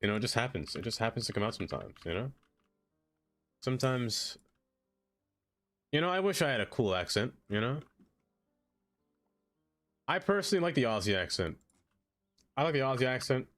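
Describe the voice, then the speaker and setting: A man's voice: medium pitch, sing-song, normal speed, long pauses, a bit bright, faint music behind. A man streaming a game, chatting casually, laughing often and talking to the objects he builds. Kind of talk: casual live-stream chat.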